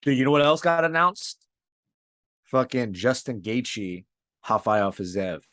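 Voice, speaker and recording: A man's voice: medium pitch, animated, unhurried, pushed and bright, no room sound, clean studio sound. A man co-hosting a fight-sports podcast, talking loosely with plenty of swearing and "dude.". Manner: loose, profane, says dude a lot. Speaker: podcast co-host. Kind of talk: casual sports chat.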